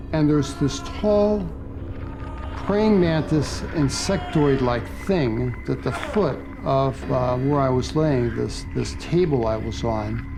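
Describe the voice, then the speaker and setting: An older man telling his own experience in a documentary interview, in a slow, reflective storytelling manner. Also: mid-range voice. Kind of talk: documentary testimony.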